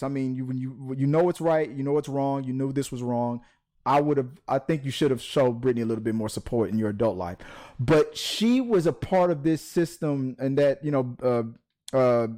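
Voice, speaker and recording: A man with a slightly high-pitched voice hosts a casual panel discussion. He talks in halting bursts, restarting his sentences often, and drops in dry sarcastic asides. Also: darkish tone. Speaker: podcast host.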